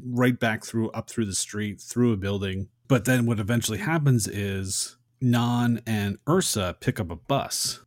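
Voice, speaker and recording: Man, lowish voice, dry close sound, casual film podcast talk, animated retelling. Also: no room sound. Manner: animated recapping, acts out short quotes. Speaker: podcast co-host.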